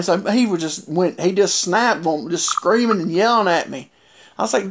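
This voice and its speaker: A man's voice: on the high side, normal speed, fairly bright tone. A man telling a wrestling story in casual chat, rambling with many fillers and restarts.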